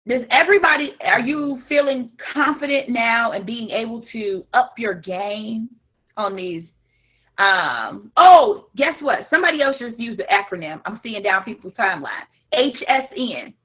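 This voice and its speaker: Woman coach, frank and animated, husky higher voice, phone-like sound. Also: measured pace. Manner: animated, frank, imitates others playfully. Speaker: business coach. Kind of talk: live coaching session. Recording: tinny phone-like line.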